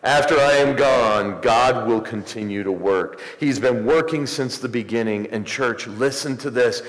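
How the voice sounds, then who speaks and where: A man preaching a sermon as pastor, rising into emphatic swells and slowing for pauses. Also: medium pitch. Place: church sanctuary. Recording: echoey church hall, some distance.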